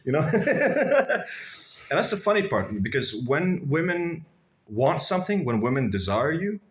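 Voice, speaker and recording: This vlogger's voice is medium-pitched and sing-song at a moderate pace. He chats casually to camera, rambling through blunt, crude stories from his own life and calling viewers "guys."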